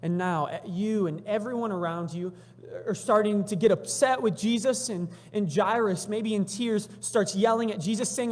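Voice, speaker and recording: Man preaching, somewhat high voice, reads scripture then acts out the story casually, church hall echo. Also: moderate pace, hardly any pauses. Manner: reads scripture aloud, then retells it in animated everyday voices. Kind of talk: sermon. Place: church sanctuary.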